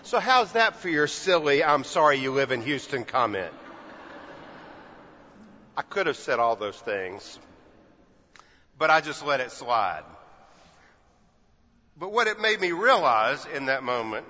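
A man's voice: fairly high pitch, big pitch swings, takes it slowly, long pauses, sharp tone. A man in his fifties, a pastor from Texas, preaching a sermon in a church sanctuary with folksy storytelling and playful asides. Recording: dull audio with long church reverb.

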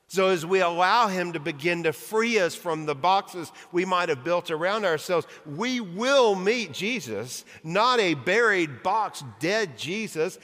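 A man's voice: high voice, a bit bright. A male pastor preaching an earnest sermon with rhythmic, emphatic lists. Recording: long reverb of a large hall.

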